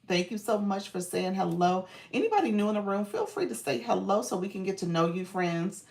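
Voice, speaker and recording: A woman's voice: mid-range voice, expressive, brisk, gravelly, darkish tone. A woman live-stream coach chatting casually, greeting viewers by name and explaining tips.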